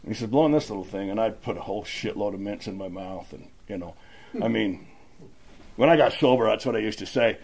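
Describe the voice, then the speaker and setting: A man's voice: on the low side, fairly quick, gravelly, darkish tone. A middle-aged man from Utah telling his recovery story at a meeting, rambling and acting out the dialogue. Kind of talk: personal recovery story, casual.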